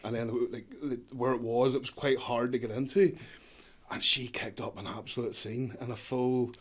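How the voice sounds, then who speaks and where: A man's voice: medium pitch, steady tone, slightly rough. A man, a guest on a casual podcast chat, telling stories in a chatty way. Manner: fast, chatty storyteller.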